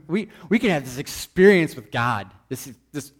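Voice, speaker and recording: Lively, joking male preacher. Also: a little high, unhurried, husky. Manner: animated, joking, conversational. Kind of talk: sermon.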